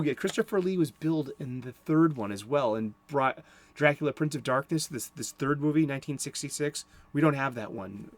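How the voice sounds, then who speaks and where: A man giving casual commentary on horror movies, rambling and chuckling, with many restarts. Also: medium pitch.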